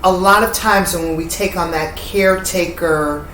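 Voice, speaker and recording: A woman's voice: fairly low pitch, fairly even intonation, a little slow, a bit bright. A woman hosting a podcast interview, affirming and reflective as she asks about her guest's story. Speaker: podcast host. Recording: roomy, distant mic, faint noise.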